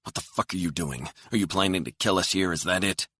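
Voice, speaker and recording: A man voicing an angry, frightened journalist who snaps and protests in tense bursts, pitched above his own voice. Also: fairly quick, fairly bright tone, husky, dry recording, clean studio sound. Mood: furious. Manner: tense, agitated outbursts.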